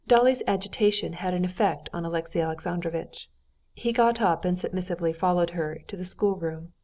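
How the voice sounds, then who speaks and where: A woman narrating a classic novel as an audiobook in a steady, even reading voice. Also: lowish voice, a little fast. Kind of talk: scripted narration.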